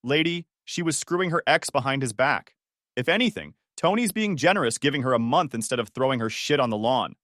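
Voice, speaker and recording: A man's voice: medium pitch, expressive, a little fast, fairly bright tone, no room sound, clean studio sound, close to an everyday voice. A man voicing a blunt friend who mocks bluntly. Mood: mocking. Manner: blunt, mocking. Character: blunt, mocking male friend.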